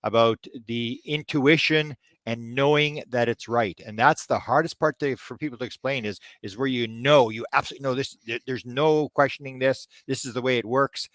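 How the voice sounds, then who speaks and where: A man's voice: medium pitch, normal speed, no room sound. A man in his sixties from Canada, answering interview questions in a rambling way, with many restarts and hesitations. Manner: hesitant, frequent restarts and ums, then animated when retelling stories. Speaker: guest researcher.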